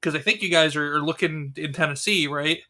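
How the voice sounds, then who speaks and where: A man's voice: fairly high pitch, a little fast, pushed and bright. A man hosting a casual live chat, upbeat and talkative with frequent laughs. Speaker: host.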